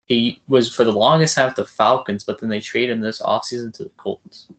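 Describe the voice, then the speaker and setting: A young man hosts a casual interview, eager and a bit starstruck. His pitch sits in the middle range for a man. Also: steady tone, fairly quick. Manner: eager, starstruck, soft-spoken asides. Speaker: podcast host.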